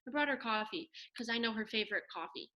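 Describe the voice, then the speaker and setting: Animated teen girl, high voice. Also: fast talker. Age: late teens. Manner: animated storyteller, often raises her voice. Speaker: high school senior. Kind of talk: casual chat between classmates.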